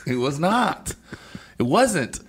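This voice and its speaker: A man's voice: fairly high pitch, big pitch swings, slow pace, a little hiss or hum. A man co-hosting a casual radio chat show, telling stories animatedly and acting out both sides of phone calls. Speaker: co-host. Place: radio studio.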